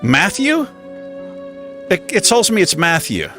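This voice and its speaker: A man hosts a livestream in a casual chat, speaking slowly in a high voice with faint music behind him. He's animated and self-mocking, chuckling often as he struggles over pronunciations.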